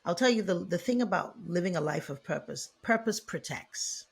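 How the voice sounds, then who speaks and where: Woman coach on a podcast, raspy husky voice, talks like a preacher, animated. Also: fairly low pitch, moderate pace. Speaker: guest, feminine leadership coach. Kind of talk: conversational podcast interview.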